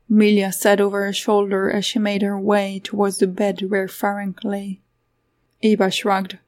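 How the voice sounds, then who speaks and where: A woman's voice: mid-range voice, level tone, moderate pace, darkish tone. A woman narrating a fantasy story aloud, giving the characters voices of their own. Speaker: audiobook narrator.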